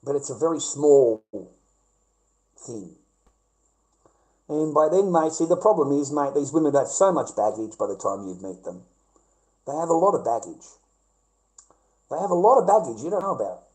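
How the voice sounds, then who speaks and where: Middle-aged aussie bloke ranting to camera, swears a lot, repeats himself, voice a bit high. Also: male voice, lively intonation, normal speed, long pauses, mellow, low-quality recording. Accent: Australian. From Australia. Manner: profane, repetitive, rambling storyteller. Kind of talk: casual rant to camera.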